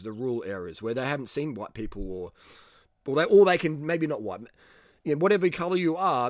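A middle-aged man with an Australian accent speaks straight to his viewers, animated and blunt, and swears freely. His voice sits at an ordinary middle pitch. The recording is dry and close, with no room sound. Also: no room sound. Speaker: travel vlogger. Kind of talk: casual monologue.

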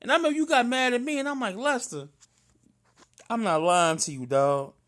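Animated, bright-voiced St. man. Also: very high voice, fairly quick. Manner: loud, animated storyteller, slangy and emphatic. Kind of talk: casual chat between cousins.

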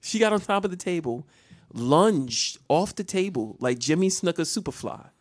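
A man's voice: a little high, expressive, normal speed, no echo, studio quality. A man telling a comedic story on a podcast. He laughs often and acts out the voices and sounds of other people.

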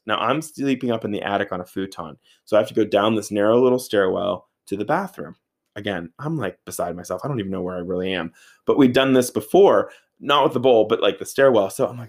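A man in his thirties telling a casual, animated story, swearing freely and saying "like" a lot. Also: on the low side, fast. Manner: animated, profane, filler-heavy with frequent "like".

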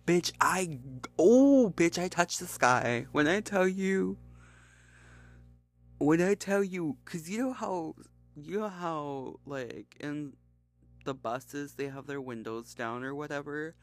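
A young adult host telling a comic story in casual talk, swearing freely and repeating phrases for emphasis. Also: medium pitch. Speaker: podcast host.

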